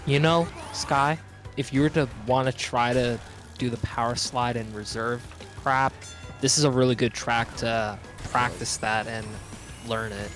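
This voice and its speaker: A man chats in a game's voice channel with a mid-range voice. He jokes with the group and hands out tips on racing, in a relaxed, offhand way. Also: medium pitch, unhurried, music in the background. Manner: joking, gives gameplay tips. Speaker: player in voice chat. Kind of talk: casual gaming chat.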